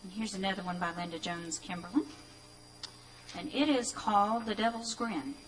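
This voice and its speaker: A woman's voice: medium pitch, normal speed, a little hiss or hum, low-quality recording. A woman reading poems aloud at a community event, plainspoken and rhythmic. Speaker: poetry reader.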